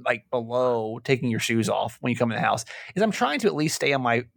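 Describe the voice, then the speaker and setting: A young man hosting a podcast in casual chat, animated and laughing, with frequent stammered restarts. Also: mid-range voice, fast talker, gravelly, no room sound, studio quality. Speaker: podcast host.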